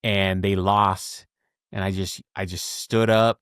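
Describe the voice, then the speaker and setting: A man in his forties telling stories in a casual podcast chat, animated and saying "bro" often. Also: low voice, slow pace, smooth, no echo, studio quality. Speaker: podcast host.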